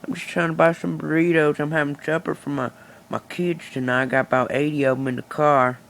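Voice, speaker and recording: A man voicing a rattled shopper who turns hot-tempered, speaking in a raised, gravelly voice. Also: a little high, steady tone, fairly quick, fairly bright tone. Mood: pleading. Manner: pleading, then threatening.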